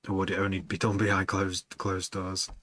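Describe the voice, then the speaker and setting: A man with a low voice and a bright, forceful edge chats casually to his viewers as a music producer. He rambles, laughs often and thinks out loud. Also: little pitch movement, moderate pace, slight background noise. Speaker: music producer streaming to chat. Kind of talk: casual chat with livestream viewers.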